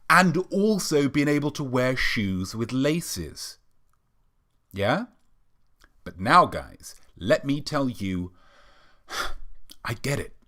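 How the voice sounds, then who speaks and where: A man's voice: mid-range voice, very animated, slow, pauses often, pushed and bright. A British man hosting a weekly live show alone, delivering a sarcastic, mock-smug comedic monologue. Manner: sarcastic, mock-smug, playfully self-aggrandizing.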